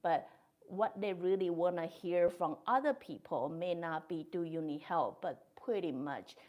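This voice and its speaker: A woman hosting her own podcast, talking through a reflective monologue in a gentle, thoughtful way, speaking English with non-native grammar. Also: fairly low pitch, measured pace, muffled recording. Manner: gentle, thoughtful, with soft laughs. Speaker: podcast host.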